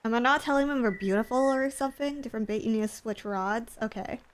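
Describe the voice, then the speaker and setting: A woman streamer with a fairly high voice talks fast while chatting casually over a fishing game. Her gameplay commentary is playful and flirty, full of teasing and coaxing.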